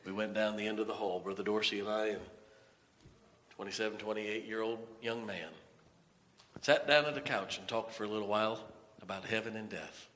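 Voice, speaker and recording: Male pastor, low voice, storytelling sermon, echoing church hall. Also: pushed and bright, slight background noise. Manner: storytelling preacher, rises to emphatic exhortation. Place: church sanctuary.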